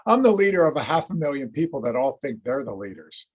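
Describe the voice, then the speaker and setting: A man's voice: mid-range voice, big pitch swings, quick pace, a little mellow, breathy edge. A man voicing a formal, dryly teasing older male statesman and scientist, close to his own voice.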